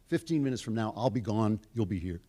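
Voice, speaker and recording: A man's voice: fairly low pitch, lively intonation, a little fast, warm tone. Older American man, emphatic lecture. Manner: emphatic, punchy one-word headings, sarcastic asides. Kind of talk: speaking at a lecture.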